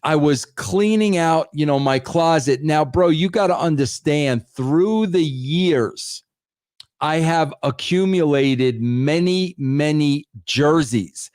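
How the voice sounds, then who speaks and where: A man's voice: a little high, slow pace, darkish tone, dry recording. A man hosting a live call-in show in a casual New manner, stumbling over words and calling everyone bro. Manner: casual, says "bro" constantly, repeats words. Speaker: host.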